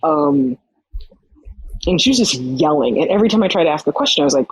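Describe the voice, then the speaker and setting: Young woman podcast guest, casual storyteller, husky breathy voice, dead-dry recording. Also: sits low, fairly quick, no room sound, rough recording. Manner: animated, frequent fillers and quoted dialogue.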